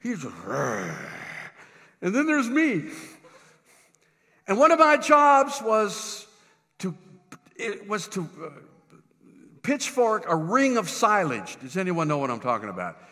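A man pastor, telling a self-deprecating funny story in a sermon, animated with lots of restarts. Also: high-pitched, measured pace, pauses often, long reverb tail. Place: church sanctuary.

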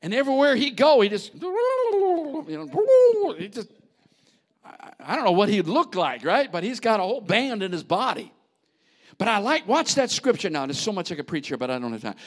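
Lively, high-pitched male preacher. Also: fast talker. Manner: animated, conversational preaching with asides to the congregation. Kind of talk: sermon.

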